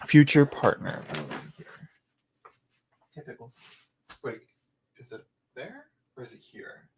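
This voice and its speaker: A man with an animated, bouncing voice chats casually through a live tarot stream. He laughs often and talks straight to his viewers, with a faint hiss behind him. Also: mid-range voice, unhurried. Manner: chatty, laughs often, talks to viewers while shuffling cards. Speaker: tarot reader hosting a livestream. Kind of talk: casual livestream chat. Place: indoors at home.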